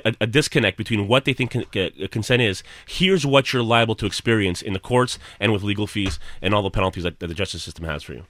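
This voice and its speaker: A man's voice: on the low side, fairly bright tone, dry recording. A man on a radio panel as legal expert, insistent, stammering over his starts. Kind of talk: panel discussion.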